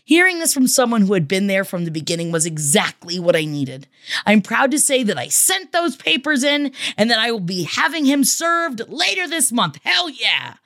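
A woman's voice: on the high side, very animated, moderate pace, fairly bright tone, dry recording, studio quality. A woman podcast host reading listener messages aloud, emotional and affectionate, swearing freely. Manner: effusive and affectionate.

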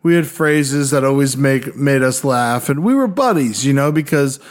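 A young man co-hosting a podcast, telling stories casually in an animated, profane way and acting out other people's voices. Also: mid-range voice, moderate pace. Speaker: podcast co-host. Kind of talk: casual storytelling.

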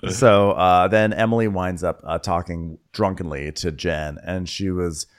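A man's voice: low voice, fairly even intonation, unhurried, smooth. A man co-hosting a podcast, recapping a show in casual chat, with lots of fillers and frequent laughs. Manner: laughing often, filler-heavy storytelling. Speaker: podcast co-host.

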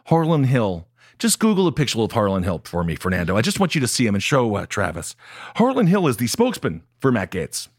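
A man co-hosting a podcast, delivering animated, sarcastic political commentary, moving between loud jabs and low asides. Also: a little fast, breathy edge, dry recording, studio quality. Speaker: podcast co-host.

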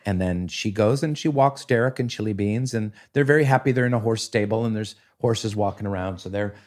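A low-pitched man in his fifties talks casually as a podcast guest. He tells stories with animated flair and jumps into silly voices and sound effects to act them out. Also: brisk. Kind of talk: casual storytelling chat.

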